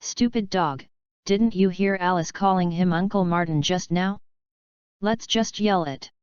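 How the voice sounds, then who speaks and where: A woman's voice: lowish voice, measured pace, a little mellow, smooth, no room sound, natural voice. A woman voicing a small, bossy female black cat who talks with a mocking tone. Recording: dull lo-fi recording.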